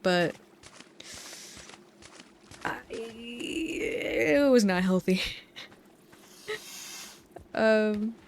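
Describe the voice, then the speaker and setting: A young woman from the United States, softly rambling and telling meandering stories with frequent laughs while playing a relaxing game. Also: fairly high pitch, extremely slow, pauses often, slight background noise. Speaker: gaming channel host. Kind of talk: soft-spoken rambling over relaxing gameplay.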